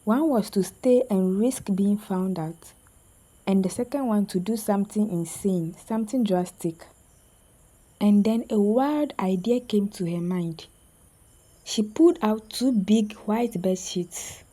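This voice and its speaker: A woman narrating a scripted story in a slow, suspenseful way with dramatic pauses. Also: mid-range voice, dark tone, poor audio.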